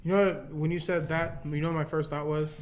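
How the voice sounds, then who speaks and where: A man's voice: fairly high pitch, flat delivery, fairly quick, slight background noise. A man, a comedian, ranting animatedly in a casual chat, swearing heavily. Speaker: comedian, podcast guest.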